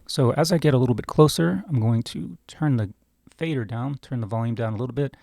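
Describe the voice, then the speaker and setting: A microphone reviewer talks close between two broadcast dynamic mics at his desk, casually demonstrating them in a chatty, self-deprecating way and asking the listener questions. His voice is medium-pitched and brisk, with vocal fry and a warm tone, in a dry recording.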